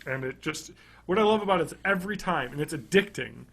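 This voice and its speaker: A man in his thirties co-hosting a podcast, chatting casually and enthusiastically, rambling and swinging between loud bursts and quiet mumbles. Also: on the high side, animated, quick pace, vocal fry, husky. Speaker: podcast co-host. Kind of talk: casual chat.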